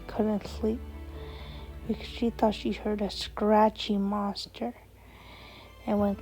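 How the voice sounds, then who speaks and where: A woman telling a bedtime story in a soft, unhurried way. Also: mid-range voice, monotone, soft background music, rough recording.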